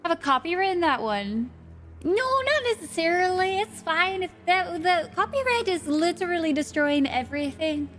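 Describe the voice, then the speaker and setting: High-voiced playful woman streamer. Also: very animated, moderate pace, a bit bright, soft background music. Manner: playful, swears freely, laughs often. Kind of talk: live stream chat with viewers.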